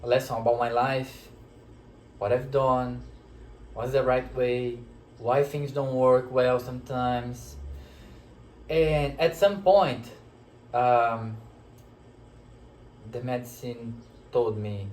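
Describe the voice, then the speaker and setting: A man telling a personal spiritual story to camera, in an emotional, reflective way with many pauses. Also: medium pitch, a little mellow, a little hiss or hum. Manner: slow, emotional, reflective, pausing often. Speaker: spiritual teacher sharing a personal experience. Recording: echoey room.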